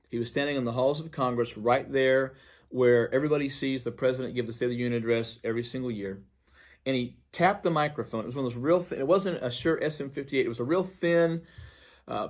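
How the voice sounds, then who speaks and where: An earnest male pastor telling of a dream he had. He speaks at a middling pitch and leans hard on some phrases. His voice drops almost to a hush at the ends of others. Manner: earnest, with loudness swinging from emphatic to near-hushed. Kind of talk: recounting a dream to viewers.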